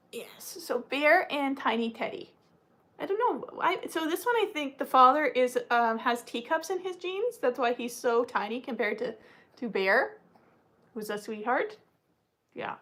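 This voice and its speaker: Woman, higher-pitched, casual livestream host, rambling, chatty, lots of ums. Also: fairly bright tone. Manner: rambling, chatty, frequent fillers; coos at puppies in a high baby-talk voice. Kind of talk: casual live chat.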